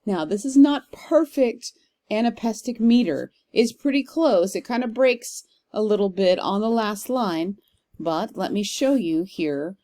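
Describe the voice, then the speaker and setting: A woman teaching a literature class in a recorded lecture, talking casually and reading verse aloud with a slow stressed rhythm. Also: mid-range voice, expressive, dark tone. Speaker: literature instructor. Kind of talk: recorded lecture on poetic meter.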